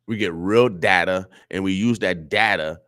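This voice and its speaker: Deep-voiced man preaching on talk radio. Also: moderate pace, a bit bright, no echo, studio quality. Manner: preachy, repetitive, emotional. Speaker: radio show host. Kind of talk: impassioned talk radio monologue. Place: radio studio.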